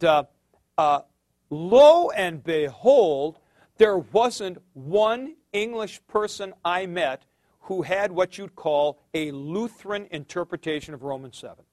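Man, slow discursive lecture, higher-pitched voice, dry sound. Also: no echo. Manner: discursive, with many fillers and restarts. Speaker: lecturer on theology. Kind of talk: conversational lecture.

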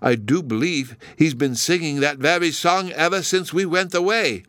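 A man voicing a small, solemn boy who lisps and speaks slowly. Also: fairly high pitch, a bit bright, no echo, voice pushed up, lightly acted. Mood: solemn, childlike. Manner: childish lisp, slow and grave.

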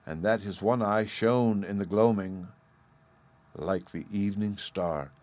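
A man reading a storybook aloud as narrator, in a measured storytelling manner. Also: on the low side, a little mellow. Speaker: audiobook narrator. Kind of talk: scripted narration.

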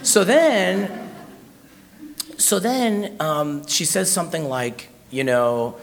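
A young man tells a personal story to an audience in a loose, chatty way, often restarting and adding fillers. His voice has a gravelly, creaky edge. He pokes gentle fun at himself as he goes. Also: medium pitch, a little slow. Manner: chatty, self-deprecating, many fillers and restarts. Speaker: state senator giving a talk.

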